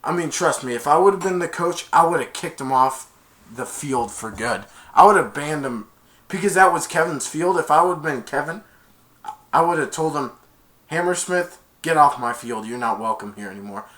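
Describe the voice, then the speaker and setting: A man reviewing a movie, rambling through the plot with frequent restarts and bursts into loud acted-out quotes. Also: on the high side, lively intonation, normal speed.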